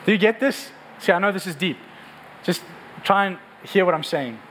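A man's voice: high-pitched, expressive, normal speed, fairly bright tone, slight background noise, rough recording. A male pastor giving a sermon to a congregation in a room, in an earnest, conversational way that often repeats words.

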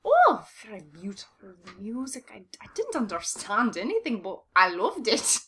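A woman's voice: on the high side, wildly swooping pitch, normal speed, echoey room, crowd noise. A woman voicing a modest, gushing style cousin.

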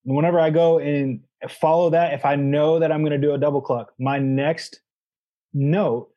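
A man who is a guest on a casual podcast, explaining his technique in a measured way. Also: a little high, fairly even intonation, warm tone, dull audio, a little hiss or hum. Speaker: guest, goose calling champion.

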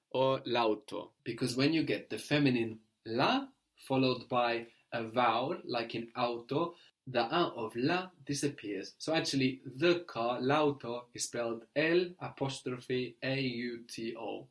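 Patient male language teacher. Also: medium pitch. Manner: patient, prompting and correcting a learner. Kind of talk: guided language lesson.

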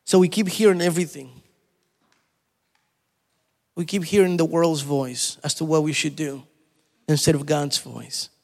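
Guy preaching a sermon, kinda high gravelly voice, keeps repeating himself and asking questions. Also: fairly even intonation, measured pace, long pauses, darkish tone, long reverb tail. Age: adult. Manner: repetitive and emphatic, asking the listeners questions.

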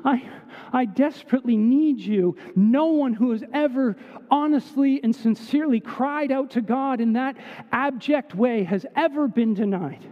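A man with a high voice preaches an impassioned sermon in a church, his tone swinging between hushed and raised. The sound is dull, with a long reverb trailing off each phrase. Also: measured pace. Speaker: pastor.

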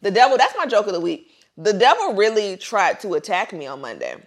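A woman's voice: medium pitch, brisk. A young woman, co-hosting a podcast, tells a long story in casual chat, swearing freely and acting out what people said. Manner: animated storyteller, profane, acts out quotes. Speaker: podcast co-host.

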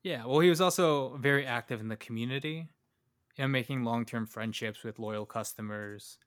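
A man's voice: medium pitch, normal speed. A young man co-hosting a podcast, telling a story in a loose, joking way with many fillers. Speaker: podcast co-host. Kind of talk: casual storytelling chat.

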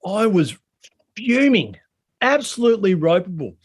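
A man's voice: high voice, big pitch swings, measured pace, slightly rough. A man preaching a sermon in a conversational way, asking the congregation many questions. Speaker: pastor.

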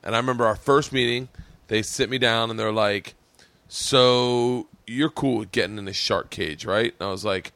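A comedian hosting a podcast, talking in a rambling, halting, profane way. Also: male voice, medium pitch, fairly even intonation, fairly bright tone, no echo. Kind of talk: casual podcast chat.

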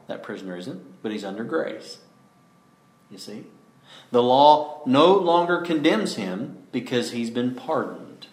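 Guy preaching a sermon, emphatic, rhetorical questions, mid pitch, echoey room. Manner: emphatic, asks rhetorical questions, slows for stress.

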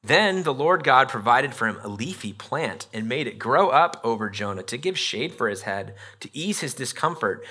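A man's voice: mid-range voice, animated, normal speed, hardly any pauses, sharp tone, husky. A man giving a conversational sermon as pastor, reading scripture aloud and acting out the people in the story. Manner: conversational preaching, acts out Bible figures and a parent; reads scripture aloud with emphasis.

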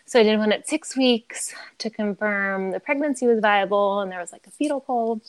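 A woman's voice: medium pitch, a little fast, smooth, dry recording. A woman in her thirties, a podcast guest telling her story in a candid, chatty way, filling her talk with "like" and laughing often.

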